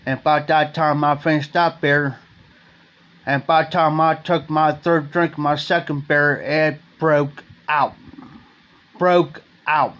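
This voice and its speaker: Slightly high-voiced man from Ohio, rambling folksy late-night storyteller. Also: level tone, unhurried, fairly bright tone, highs cut off. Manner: rambling storyteller, repeats and restarts phrases, folksy slang. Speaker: livestream host.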